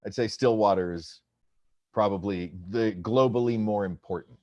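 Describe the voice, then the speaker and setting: A man co-hosting a podcast in casual chat, wry and playful with a deliberate way of talking. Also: lowish voice, a little mellow, dry recording, muffled recording. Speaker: podcast co-host.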